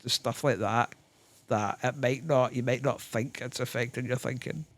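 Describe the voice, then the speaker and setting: A Scottish man, a guest on a podcast, speaking thoughtfully in casual chat with lots of pauses and fillers. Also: mid-range voice, steady tone. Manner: thoughtful, hesitant, many fillers. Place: podcast studio.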